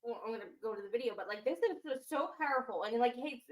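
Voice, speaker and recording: Emotional female co-host, slightly high, recorded in an echoey room. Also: quick pace. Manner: gushing, emotional, filler-heavy retelling. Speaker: podcast co-host. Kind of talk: casual wrestling recap chat.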